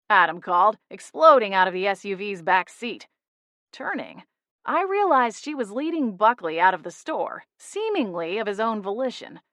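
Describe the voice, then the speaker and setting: A woman reading a first-person audiobook in a lively storytelling manner. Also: medium pitch, no echo, clean studio sound. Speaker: audiobook narrator.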